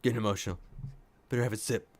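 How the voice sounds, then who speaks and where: A man with a fairly low voice gives a casual running commentary as he reacts to what he watches. He thinks out loud and gushes freely, his excitement spilling into every remark. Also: very fast. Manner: excitable, thinking aloud, gushing. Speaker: reaction video host.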